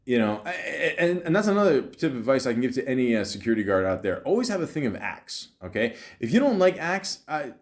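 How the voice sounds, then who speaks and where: A man's voice: mid-range voice, sing-song, quick pace, few pauses. Profane rambling male podcast host. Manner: profane, rambling, jokey, many fillers and restarts. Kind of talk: casual storytelling monologue.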